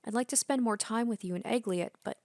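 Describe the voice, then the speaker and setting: A woman's voice: a little high, brisk, darkish tone, no room sound, voice pushed up, natural voice. A woman reading aloud the lines of an earnest girl heroine from a game, in a pleading tone.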